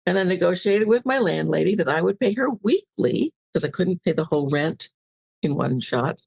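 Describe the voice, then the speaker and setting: An older woman shares a personal story as a guest on a casual interview show. Her voice is gravelly and husky, and she lively acts out the voices in her tale. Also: fairly low pitch, normal speed. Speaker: podcast guest.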